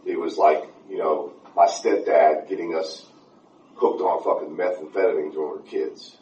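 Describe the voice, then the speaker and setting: A man in recovery sharing haltingly and plainly about an old resentment. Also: very deep voice, little pitch movement, darkish tone, a little hiss or hum. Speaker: group member in recovery. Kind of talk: personal sharing. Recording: echoey, distant, dull sound.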